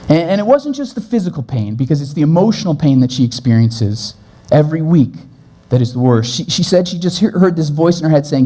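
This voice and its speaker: Earnest male pastor with a mellow voice. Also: fairly high pitch. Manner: earnest, shifts between brisk and slow gentle delivery. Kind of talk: sermon. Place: church.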